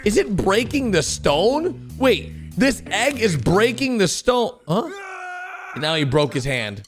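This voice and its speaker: A young man hosting a gaming channel, giving excitable reaction commentary with lots of exclamations and "bro". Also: high voice, slow, soft background music. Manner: animated, exclaiming, calls viewers bro.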